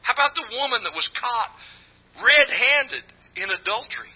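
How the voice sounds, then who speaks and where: A man preaching a sermon in a very high, husky voice. His pitch swings widely as he acts out the voices in his stories. The sound is thin and tinny, like a phone line. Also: normal speed. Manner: animated storytelling, acts out voices, rising to shouts.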